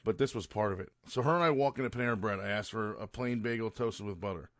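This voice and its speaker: A man's voice: on the low side, fast, no room sound, clean studio sound. A man hosting a podcast, ranting in a rambling, profane monologue full of restarts. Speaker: podcast host. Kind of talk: casual monologue.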